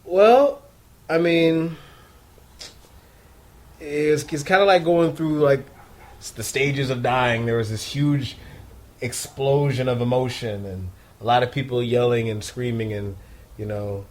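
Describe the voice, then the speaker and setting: A man co-hosting a casual home podcast, talking in an animated, joking way and laughing often. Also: medium pitch, slow pace, long pauses. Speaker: podcast co-host.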